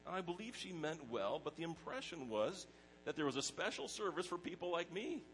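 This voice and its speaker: A middle-aged pastor preaching a sermon in a conversational way, mixing personal stories with scripture. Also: male voice, fairly high pitch, sing-song, a little fast, fairly bright tone, a little hiss or hum, rough recording.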